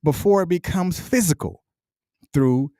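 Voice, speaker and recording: A middle-aged man speaks straight into a dry, close mic, his voice sitting a touch higher than most men's. He builds a motivational monologue in rolling, repeated phrases with a preacher's cadence. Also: measured pace, warm tone, no echo. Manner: reflective, repetitive, preacher-like cadence. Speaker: podcast host.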